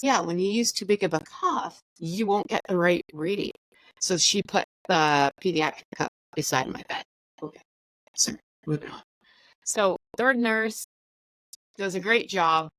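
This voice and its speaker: A woman casually telling a personal story, chatty and animated, acting out the lines of the people in it. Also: lowish voice, no room sound, poor audio. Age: adult with school-age or older children. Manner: chatty, animated, acts out dialogue. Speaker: podcast host sharing her story.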